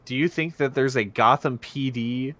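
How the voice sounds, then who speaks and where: A man's voice: mid-range voice, moderate pace, fairly bright tone. A young man co-hosting a podcast, talking in an easygoing, joking way with thoughtful asides. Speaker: podcast co-host. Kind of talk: casual chat.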